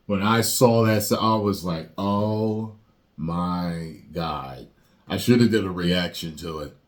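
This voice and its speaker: A man hosting a reaction video, rambling casually with lots of fillers. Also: low voice. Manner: rambling, with many fillers and sudden loud rants.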